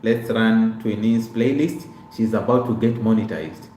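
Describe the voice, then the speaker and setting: A man's voice: lowish voice, a little slow, warm tone. A young man chatting casually on a live stream, greeting viewers by name and repeating himself as he talks through his life story. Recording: echoey room with faint background noise.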